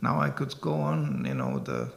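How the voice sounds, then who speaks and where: An older monk giving a temple lecture, telling stories in an animated, chuckling way. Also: male voice, medium pitch, moderate pace, creaky. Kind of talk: sermon with storytelling.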